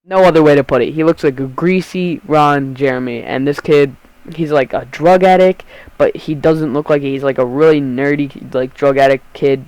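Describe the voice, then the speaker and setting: A man's voice: on the high side, fairly even intonation, normal speed, darkish tone, smooth, no echo, rough recording. A teenage boy telling a rambling, profane storytime to his vlog audience, often cutting himself off mid-sentence. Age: teens. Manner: rambling, profane, self-interrupting. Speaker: YouTube storyteller.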